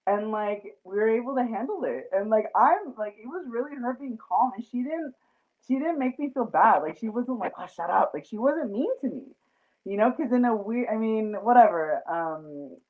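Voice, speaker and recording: A woman's voice: on the high side, animated, normal speed. A woman hosting a casual chat, talking in a rambling way with many fillers and frequent laughs. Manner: chatty, lots of fillers and laughter. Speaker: host. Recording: tinny phone-like line.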